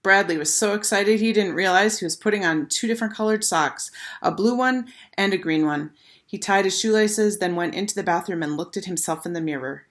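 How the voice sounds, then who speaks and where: A woman teacher reading a children's book aloud in a gentle, measured storytelling manner. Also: mid-range voice.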